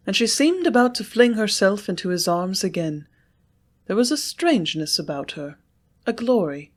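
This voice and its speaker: A woman narrating a classic western novel in a measured storytelling manner. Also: mid-range voice, very animated. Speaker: audiobook narrator. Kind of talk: scripted narration.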